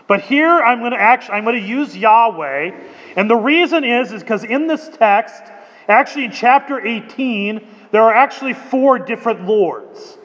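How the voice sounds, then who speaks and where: A man's voice: sits high, fairly bright tone. A man preaching a sermon, reading scripture and adding explanatory asides with wry sarcasm. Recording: long reverb in a large hall.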